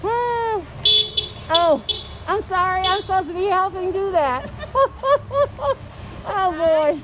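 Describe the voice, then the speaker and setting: A woman's voice: very high-pitched, lively intonation, takes it slowly, a little hiss or hum, rough recording. An older woman filming outdoors at a birthday drive-by, calling out cheery, whooping greetings to friends. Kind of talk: casual greetings while filming. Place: outdoors at a parking lot. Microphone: handheld camera she is filming with.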